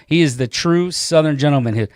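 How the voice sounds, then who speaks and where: Laid-back male guest, mid pitch. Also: a little fast. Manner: laid-back, self-deprecating humor. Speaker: guest co-host. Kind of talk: casual livestream chat.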